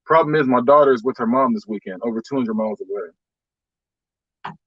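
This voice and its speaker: A man's voice: mid-range voice, moderate pace, husky, no room sound, lo-fi sound. A man hosting a casual podcast, reading short scary stories, laughing often and stumbling over repeated words.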